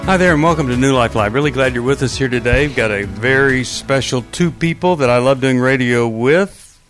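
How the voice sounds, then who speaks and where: Brisk friendly male radio host. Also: mid-range voice, over music. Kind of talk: call-in radio talk.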